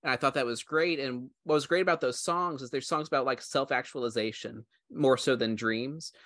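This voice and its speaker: A man's voice: medium pitch, moderate pace, fairly bright tone, dry recording. Rambling heartfelt man, dry sound. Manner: rambling, heartfelt, many fillers. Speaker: podcast co-host. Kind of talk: casual chat.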